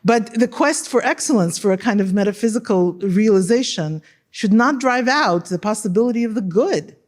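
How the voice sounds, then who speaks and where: A woman scholar speaking in a panel discussion, her voice sitting at an ordinary middle pitch. She talks in an animated, emphatic way, restarts her sentences and checks in with her listeners as she builds an argument. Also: moderate pace. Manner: animated, emphatic, frequent tag questions.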